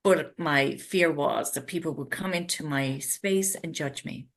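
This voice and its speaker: A woman's voice: low-pitched, unhurried, gravelly. A middle-aged Irish woman, a guest in a casual interview, telling her story with animation and acting out her own past thoughts. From Ireland. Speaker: interview guest, retreat owner.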